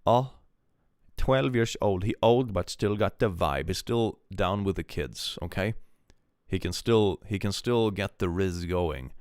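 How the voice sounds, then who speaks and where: A man's voice: sits low, measured pace, a little mellow, dry recording, clean studio sound. A man, casually chatting with his stream and joking as he reads out chat.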